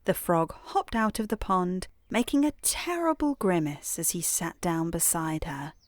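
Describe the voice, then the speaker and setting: A British woman reading a bedtime story in a calm, soothing, unhurried way. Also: fairly low pitch, dry recording, studio quality.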